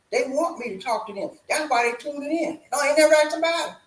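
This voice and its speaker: A man with a very high-pitched, expressive voice hosts a casual livestream chat, talking fast and playfully as he hypes his viewers with slangy call-and-response chants. The low-quality recording picks up an echoey room.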